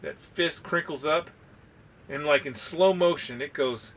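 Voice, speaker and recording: A man co-hosting a podcast, telling a story in a loose, profane, animated way. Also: fairly high pitch, a little slow, far from the mic, a little hiss or hum. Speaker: podcast co-host. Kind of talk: casual storytelling.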